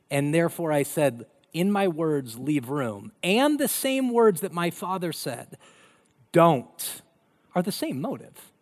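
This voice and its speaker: A middle-aged man who grew up in Colorado, a pastor preaching a sermon and telling family stories with acted-out voices. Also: fairly high pitch. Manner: animated storytelling, acting out voices.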